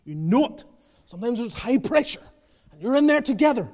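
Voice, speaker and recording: Male pastor, high voice, impassioned sermon, swings loud and soft, repeats phrases. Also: big pitch swings, brisk. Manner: passionate, rising to near-shouting then dropping low.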